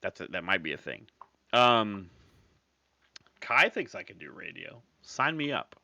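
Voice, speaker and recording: Casting: bright, lively man, animated and jokey on a dull lo-fi stream mic. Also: sits low, a little slow, vocal fry, no room sound. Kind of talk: casual chat. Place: home craft room.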